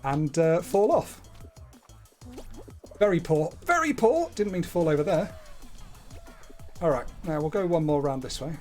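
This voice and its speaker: Man, fairly high voice, live gameplay commentary, playful, wordy, faint music behind. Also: a little slow, pauses often, mellow. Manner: chatty, playful, wordy asides. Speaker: gaming streamer.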